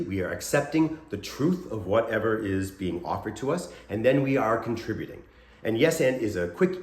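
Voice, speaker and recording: Male scare actor, casual teacher, lowish voice, animated, jumps into quick acted lines; echoey room. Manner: animated, acts out short scene lines in a raised voice. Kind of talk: casual instructional talk to camera. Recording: roomy echo.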